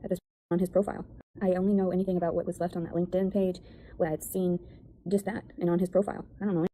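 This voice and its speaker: A woman's voice: on the low side, little pitch movement, fast talker, mellow, slight background noise, rough recording. A woman talking in a rambling, defensive monologue about her life and critics. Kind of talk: casual video monologue.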